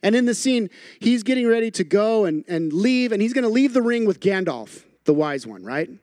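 A man's voice: high-pitched, very animated, normal speed, a little mellow, no room sound, studio quality. A man preaching a sermon as a pastor, telling a story with animation and repeating phrases for emphasis.

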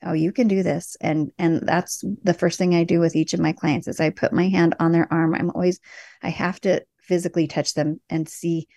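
A middle-aged woman with a low, gravelly voice speaks earnestly and reassuringly, telling her story with animation. Her tone is mellow and dark, and it is recorded dry and close. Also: little pitch movement, moderate pace, dry recording. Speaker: birth support worker, guest. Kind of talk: casual conversation.

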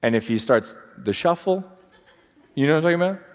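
A man's voice: a little high, animated, brisk. A man preaching a sermon as pastor, storytelling with energy and acting out the quotes in changing voices. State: sleep deprived. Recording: long hall reverb.

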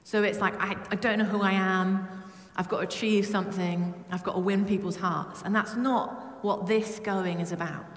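A woman from Britain preaching a lively, humorous sermon to her church. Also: medium pitch, normal speed, few pauses. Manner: humming song snippets. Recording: echoey church with long reverb.

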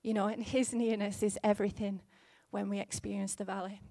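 A woman in her thirties preaching a sermon in an earnest, gently conversational way, with fillers here and there. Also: medium pitch, level tone, a little fast, no room sound, studio quality.

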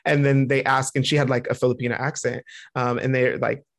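A man co-hosting a podcast in casual chat, animated and laughing often. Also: medium pitch, brisk, vocal fry. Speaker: podcast co-host.

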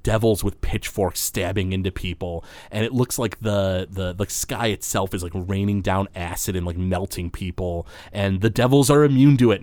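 A man's voice: sits low, a little mellow, dry recording. A man narrating as the game master of a tabletop game, describing scenes loosely and full of fillers.

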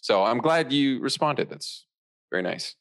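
A man's voice: medium pitch, a little slow. Playful joking man. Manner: playful, jokey, animated. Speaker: improviser and podcast co-host. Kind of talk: casual chat reviewing an improv show.

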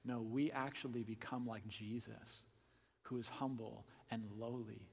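A man preaching a sermon, asking the listeners direct questions and swinging between hushed asides and loud emphasis. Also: medium pitch, steady tone, unhurried, vocal fry, husky. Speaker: pastor. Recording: long hall reverb.

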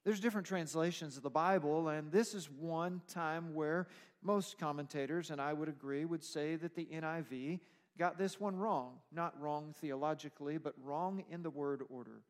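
A man's voice: on the high side, normal speed. A man preaching a sermon as pastor, explaining scripture in an emphatic way. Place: church sanctuary. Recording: long reverb of a church hall.

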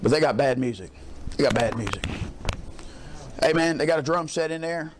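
A man's voice: on the high side, animated, moderate pace, noisy background. A male pastor preaching a sermon in a folksy, emphatic storytelling way, repeating his points for effect.

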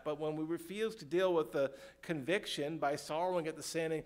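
Pastor, male, preaching in church; voice a bit high, call-and-response delivery, dynamic from soft to loud. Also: animated. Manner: swings from quiet, slow prayerful passages to loud emphatic points. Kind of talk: sermon.

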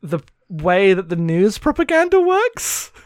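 High lively voiced guy ranting about a book, sarcastic, swears a lot, dry close mic. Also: unhurried, no echo. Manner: sarcastic, swears freely, acts out characters mockingly. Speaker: podcast co-host. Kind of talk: casual book discussion.

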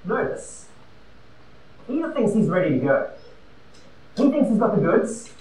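A man preaching a sermon, emphatic and conversational, swinging between loud and quiet. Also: sits high, big pitch swings, moderate pace, pauses often. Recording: roomy and distant with faint ambience.

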